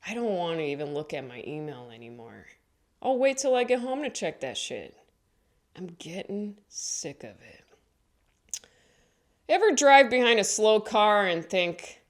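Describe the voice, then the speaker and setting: A woman comedian telling rambling stories in a casual, mumbly way and acting out quotes in higher voices. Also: big pitch swings, measured pace. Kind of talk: casual comedic storytelling monologue.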